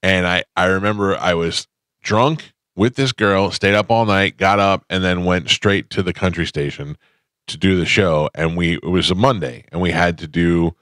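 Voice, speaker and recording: Deep-voiced male radio host. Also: moderate pace, a bit bright, dry recording. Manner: rambling anecdotes with laughs. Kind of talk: casual storytelling chat. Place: radio studio. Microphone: studio microphone.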